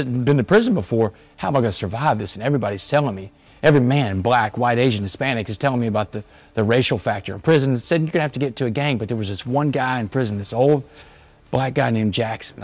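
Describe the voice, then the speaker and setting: A man, a motivational speaker earnestly telling a personal story. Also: medium pitch. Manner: earnest, quotes others in their voices. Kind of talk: storytelling speech. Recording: faint music underneath.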